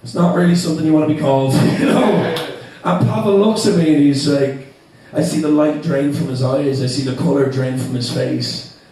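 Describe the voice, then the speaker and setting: Laughing Dublin comedian, echoey club. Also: male voice, a little high, moderate pace, warm tone, distant mic. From Ireland. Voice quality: laughs through lines, sweary and self-mocking. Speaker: stand-up comedian. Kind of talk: stand-up comedy set. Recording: echoey club, mic from afar. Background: audience laughter.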